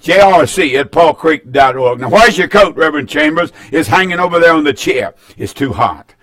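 Emphatic pastor, folksy and repetitive. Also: male voice, fairly high pitch, lively intonation, moderate pace, a bit bright. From North Carolina, US. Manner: folksy, emphatic, repeats phrases. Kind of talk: broadcast sermon with call-in announcements.

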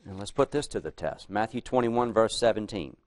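Middle-aged man, lay preacher, chatty sermon, quizzes the room, slow scripture reading. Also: on the low side, expressive. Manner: asks the congregation questions, reads King James verses slowly.

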